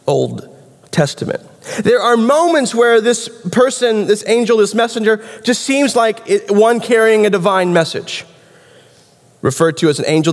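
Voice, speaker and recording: A man preaching a sermon in a conversational, wry, explanatory way. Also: high voice. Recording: reverberant hall.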